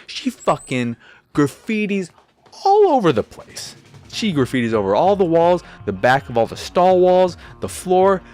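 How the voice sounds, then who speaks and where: Sarcastic, lively game review host, man. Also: on the high side, a little slow, faint music behind. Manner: sarcastic, profane, animated.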